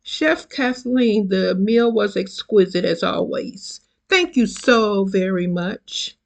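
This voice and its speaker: The self-published author reading their own book aloud, voicing a poised woman who briefly affects a Valley Girl voice, slow and a bit gravelly. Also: mid-range voice, animated. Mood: gracious.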